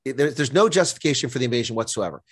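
A man's voice: medium pitch, expressive, rapid-fire, husky, dry recording. A man giving a guest interview on politics, speaking with indignant, impassioned emphasis. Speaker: guest commentator.

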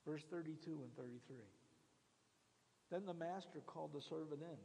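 A man preaching a sermon, reading scripture aloud and explaining it with animated emphasis. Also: a little high, normal speed, vocal fry, pauses often, in a large hall, low-quality recording. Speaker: pastor.

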